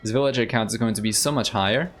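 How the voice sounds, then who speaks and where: A man's voice: mid-range voice, fast, a little hiss or hum. A man from Argentina with an Argentine accent, giving easygoing live commentary on a strategy game and chatting with viewers, with Spanish as his first language. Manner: easygoing, thinks aloud, chats with viewers. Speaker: game caster and streamer.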